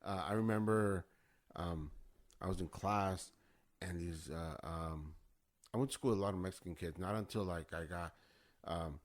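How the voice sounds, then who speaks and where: A man's voice: low-pitched, moderate pace. A man guesting on a casual chat, laid-back and slangy, laughing along and telling school stories.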